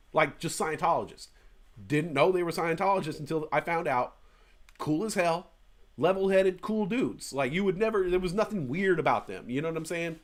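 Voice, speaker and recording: A man's voice: fairly high pitch, a bit bright. Rambling, profane man on a stream. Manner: rambling, profane, frequent restarts. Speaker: live stream co-host. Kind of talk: casual chat.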